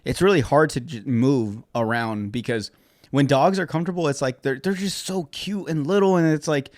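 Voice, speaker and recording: A man's voice: medium pitch, normal speed, no room sound, studio quality. A man hosting a podcast in casual chat, rambling and swearing often, with lots of fillers. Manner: rambling and profane, with many fillers; grows loud and animated when retelling something funny. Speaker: podcast host.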